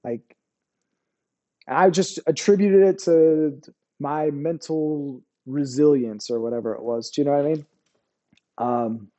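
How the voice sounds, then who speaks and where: A man's voice: fairly high pitch, mellow, lo-fi sound. Blunt, profane army veteran man. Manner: blunt and profane, peppered with "bro" and "like". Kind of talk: casual interview storytelling.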